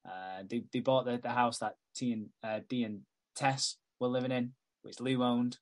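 A man's voice: mid-range voice, fairly even intonation, normal speed. A man co-hosting a casual podcast, laughing often as he recaps a TV show. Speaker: podcast co-host. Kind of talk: casual chat.

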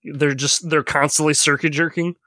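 Guy game master, bright voice, kinda high, rambly, dry close sound. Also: little pitch movement, dry recording. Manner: rambling, halting with fillers. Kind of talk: casual chat explaining game setup.

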